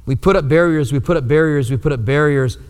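A man preaching a sermon in an earnest way, rising to strong emphasis and dropping to hushed, low tones. His voice sits a little higher than most men's. The sound carries a long reverb, as in a large hall. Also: quick pace, smooth. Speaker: pastor.

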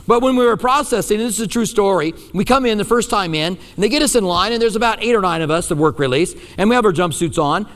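High-voiced guy preaching, jokey storytelling, big reverby hall. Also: fast talker, hardly any pauses. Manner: storytelling, animated, self-deprecating. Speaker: pastor. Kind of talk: sermon.

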